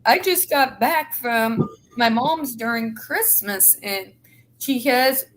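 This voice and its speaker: A woman's voice: a little high, slow, slight background noise. A woman hosting a casual group chat, heated, indignant and swearing freely. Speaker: host.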